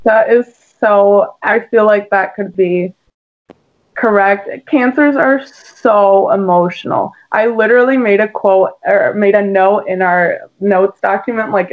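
A woman chats as a podcast co-host, her talk loose and full of fillers. Her voice has a middle pitch. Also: fairly even intonation, unhurried, low-quality recording. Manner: chatty, lots of "like" and "um". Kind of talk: casual chat.

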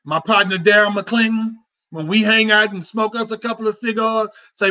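A man with a high, bright voice hosts a casual talk show. He talks in a heartfelt, repetitive, conversational way, and the recording sounds dull and lo-fi. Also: steady tone, moderate pace. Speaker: host.

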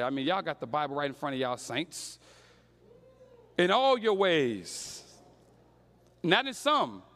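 Young male preacher, high voice, slangy storytelling sermon. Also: a bit bright, long reverb tail.

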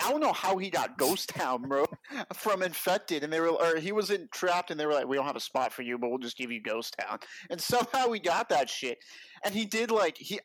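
A man's voice: sits high, fairly bright tone, no room sound. A young man telling work stories in a casual podcast chat, laughing often and swearing freely. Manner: profane, laughing, slangy storyteller. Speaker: podcast guest.

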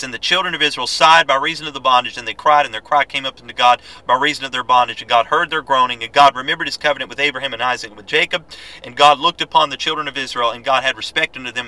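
Bright-voiced man teaching a Bible lesson. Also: medium pitch, rough recording. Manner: reads scripture aloud, earnest and exhorting; fast-paced with frequent filler and restarts.

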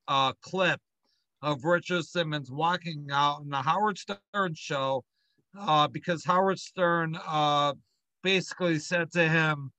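Man, candid podcast co-host, bright and fairly high, close dry mic. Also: no echo. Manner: candid, rambling with fillers and self-corrections. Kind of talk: casual chat.

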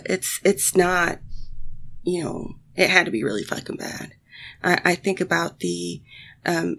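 Slow, gravelly woman telling a personal story. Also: on the low side. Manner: halting, full of fillers and restarts, frequent swearing; emotional, sighing. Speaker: solo vlogger talking to her audience.

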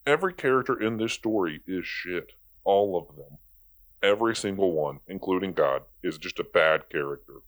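A man's voice: deep voice, very animated, moderate pace. A young man giving profane, exasperated commentary in a sarcastic, casual rant. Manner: sarcastic, exasperated, swears freely. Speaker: video commentator.

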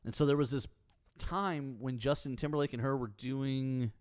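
A man co-hosting a podcast, telling animated stories in casual chat. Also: medium pitch, normal speed, no echo, clean studio sound. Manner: animated storyteller. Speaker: podcast co-host.

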